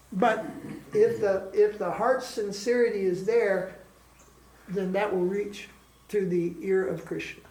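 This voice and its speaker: Joking man teaching a spiritual class. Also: sits high. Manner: joking and lively, laughs often, imitates chants and accents. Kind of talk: informal spiritual lecture. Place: ashram class room. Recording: echoey room with faint background ambience.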